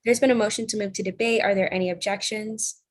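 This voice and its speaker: A woman's voice: mid-range voice, steady tone, fast talker. A young woman presiding over a student senate meeting, running motions in a procedural but casual way. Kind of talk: chairing a meeting.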